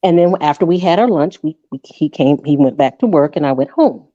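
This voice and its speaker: A woman panel guest telling a lively anecdote in casual chat. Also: low-pitched, fairly quick, no room sound. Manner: lively, laughing storyteller. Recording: dull dry lo-fi sound.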